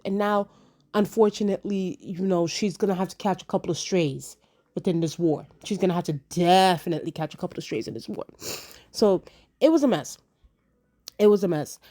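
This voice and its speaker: A woman's voice: medium pitch, mellow. A woman chatting casually as she reviews a TV episode, slangy and repeating lines for emphasis. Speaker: TV show reviewer.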